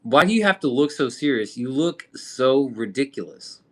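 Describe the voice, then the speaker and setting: A man's voice: medium pitch, lively intonation, moderate pace, a bit bright. A man from the Midwest chatting casually on a live stream, rambling with loose slang and casual swearing. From American Midwest.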